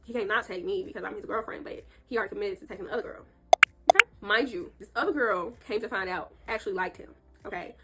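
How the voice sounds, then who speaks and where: A young woman rattles through a casual storytime for her viewers at a brisk clip. Her voice sits at an ordinary middle pitch and comes out stuffy and a little nasal from congestion. She is chatty and emphatic, and she keeps pausing to ask her audience 'okay?'. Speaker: storytime vlogger. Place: indoor room.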